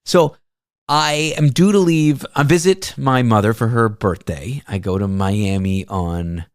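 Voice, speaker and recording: A man's voice: medium pitch, unhurried, smooth, no room sound, studio quality. A man hosting a talk show, telling a travel story in a casual, self-deprecating way. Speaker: radio show host.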